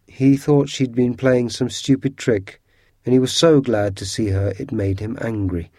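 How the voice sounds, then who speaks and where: A man narrating a storybook audiobook in a measured, unhurried way. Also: medium pitch, steady tone, darkish tone, no echo, studio quality.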